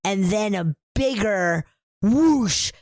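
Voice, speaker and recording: A woman's voice: mid-range voice, lively intonation, very slow, darkish tone, no echo. A woman co-hosting a podcast in casual chat, animatedly recapping a horror film, swearing and acting out the characters' lines. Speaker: podcast co-host.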